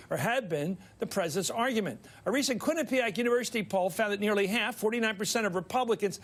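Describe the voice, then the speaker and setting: An older male TV host with a Philadelphia accent and a notably high voice runs a studio panel. He wanders through his thoughts, breaking off mid-sentence and adding folksy asides. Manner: rambling, self-interrupting, folksy asides. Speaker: TV news host. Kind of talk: cable news panel talk.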